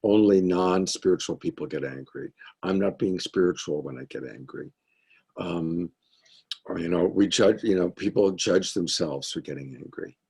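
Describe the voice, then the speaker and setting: A man leading a mentorship group as a love coach, teaching in a conversational, earnest way over a video call and trailing off into quieter asides. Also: low voice, moderate pace, vocal fry, slightly rough.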